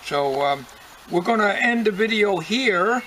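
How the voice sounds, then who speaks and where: Older guy host, chatty and folksy, kinda high pitched, a bit of faint ambience. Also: lively intonation, measured pace, bright, forceful tone, a little hiss or hum, poor audio. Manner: folksy, rambling, chuckling. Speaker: channel host. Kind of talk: casual chat to viewers.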